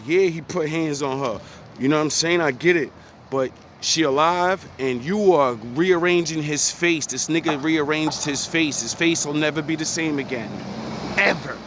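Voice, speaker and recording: A man from New Jersey speaks intensely in a higher-than-usual voice, cursing freely in street slang as he drives home his point. He is outdoors, with faint traffic noise behind him. At times his voice climbs into pleading shouts. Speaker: motivational speaker. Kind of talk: passionate monologue.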